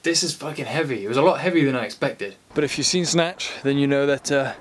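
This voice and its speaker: A man's voice: mid-range voice, animated, quick pace, slight background noise. An English man casually reviewing a camera lens in a rambling, jokey, sweary vlog chat.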